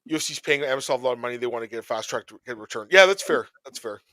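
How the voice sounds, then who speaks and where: A man hosting a podcast in casual chat, rambling through topics with quick joking asides. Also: medium pitch, expressive, sharp tone, no room sound. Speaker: podcast host.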